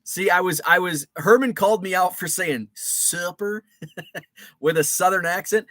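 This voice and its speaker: A man's voice: high voice, a little slow, pushed and bright, no room sound, studio quality. A man hosting a casual live stream, greeting viewers from the chat and telling rambling stories full of fillers and restarts.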